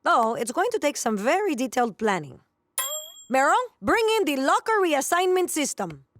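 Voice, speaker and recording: A weary, strict school official. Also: female voice, sits high, big pitch swings, normal speed, fairly bright tone. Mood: grudging.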